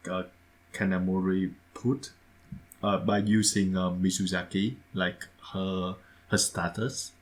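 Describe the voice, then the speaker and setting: Low-voiced, hesitant man, halting speech. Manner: hesitant, many fillers and restarts, non-native grammar. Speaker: podcast co-host. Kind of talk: casual discussion.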